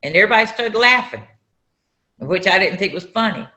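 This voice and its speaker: A woman from North Carolina, telling a personal story in an interview and acting out the dialogue with loud outbursts. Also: medium pitch, lively intonation, fairly quick. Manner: acts out dialogue with sudden loud raised outbursts. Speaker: interview guest, entrepreneur.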